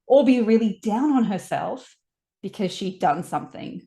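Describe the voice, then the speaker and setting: A woman's voice: medium pitch, animated, normal speed, mellow. Chatty self-deprecating middle-aged woman. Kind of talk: anecdotal storytelling in conversation.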